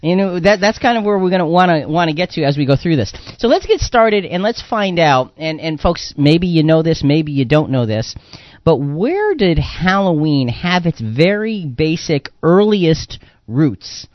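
A man hosts a Christian radio talk show in a loose, rambling way, circling back over his words with lots of fillers. His voice sits a bit high, recorded dry and close with a dull, lo-fi tone. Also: sing-song, moderate pace, no room sound. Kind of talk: casual Christian radio discussion.

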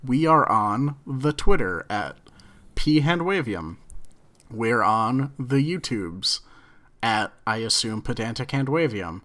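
A man's voice: medium pitch, lively intonation, takes it slowly, fairly bright tone. A man co-hosting a podcast in casual chat, joking in a dry way as he reads the outro. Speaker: podcast co-host.

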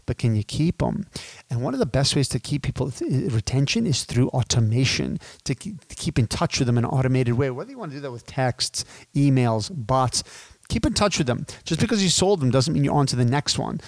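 A man in his thirties teaching business as a podcast guest, animated and casual, addressing listeners as dude and my friends. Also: mid-range voice, no echo. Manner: acts out sales calls in quoted voices.

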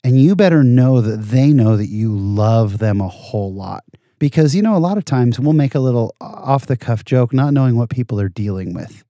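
A man in casual conversation as a guest, telling animated, self-deprecating anecdotes. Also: mid-range voice, normal speed, no echo, clean studio sound.

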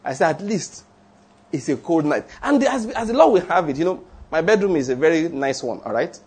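A man preaching a sermon, chatting with his congregation, putting questions to them and reading scripture slowly and deliberately. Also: a little high, expressive, a little mellow, husky. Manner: conversational, asks the congregation questions.

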